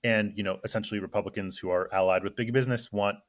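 A man's voice: on the low side, steady tone, fast, no room sound. A man talking politics as a guest correspondent, speaking loosely with lots of fillers and a dry, sarcastic edge. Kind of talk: casual political chat.

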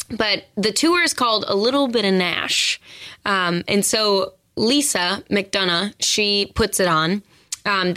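A young woman, a singer-songwriter, chatting as a guest in a radio studio, halting and friendly with many ums. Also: mid-range voice, a bit bright. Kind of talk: casual radio interview chat.

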